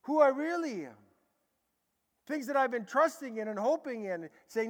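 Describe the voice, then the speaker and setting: Male preacher, very high and bright voice, animated storyteller, echoey large hall. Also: moderate pace. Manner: animated, acts out dialogue in a lively way. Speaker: preacher giving a testimony. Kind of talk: sermon storytelling.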